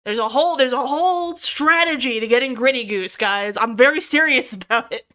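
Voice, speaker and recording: Young woman streamer, casual chat with viewers, excitable and sweary, high voice, bright clear tone. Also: brisk. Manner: excitable, swears freely, squeals over cute things.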